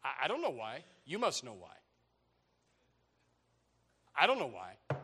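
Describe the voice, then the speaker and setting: An older man preaching a sermon, animated and joking, with bursts of shouting. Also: mid-range voice, a little slow, a little hiss or hum. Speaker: pastor.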